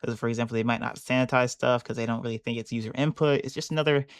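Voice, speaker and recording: A man with a gravelly, mid-pitched voice talks casually over his own work, thinking aloud and often restarting his sentences. He sits close to the mic in a dry small room. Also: steady tone, racing, dry recording. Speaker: bug bounty hunter streaming a live session. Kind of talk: casual live-stream commentary while working. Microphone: close mic on a headset or desk.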